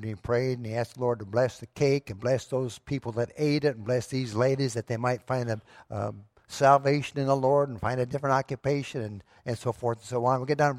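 A man's voice: mid-range voice, no echo, clean studio sound. A pastor preaching a sermon to his church, telling a story in a conversational way that rises to emphatic moments.

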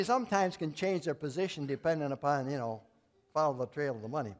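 A man preaching as a Baptist pastor, folksy and plain-spoken, swinging between loud emphatic lines and quiet asides. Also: fairly high pitch, fairly quick. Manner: folksy, telling jokes and acting out voices. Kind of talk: sermon.

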